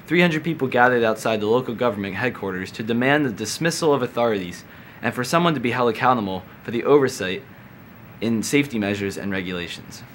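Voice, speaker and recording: A man's voice: mid-range voice, lively intonation, fast, a bit bright, a little hiss or hum. A teenage boy anchoring a school news broadcast, mixing in joking, self-deprecating asides. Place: school sound booth.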